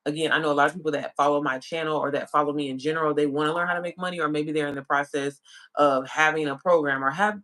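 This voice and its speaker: A woman's voice: deep voice, fairly even intonation, fast talker, a bit bright. Chatty woman coaching on a livestream. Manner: chatty, addresses viewers as y'all and girl. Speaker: online business coach. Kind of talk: casual livestream chat.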